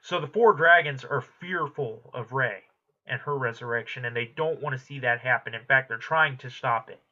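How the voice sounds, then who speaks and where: Guy recapping a cartoon ep, bright kinda edgy tone, muffled lo-fi mic. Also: medium pitch. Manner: retells plot quickly, quoting characters in passing. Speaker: anime episode reviewer. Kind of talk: casual episode recap.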